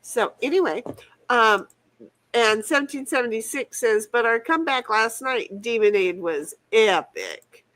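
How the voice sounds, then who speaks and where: A woman's voice: fairly high pitch, normal speed, fairly bright tone, low-quality recording. A woman hosting a game stream in casual chat, rambling and playful, laughing and swearing freely. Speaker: streamer host.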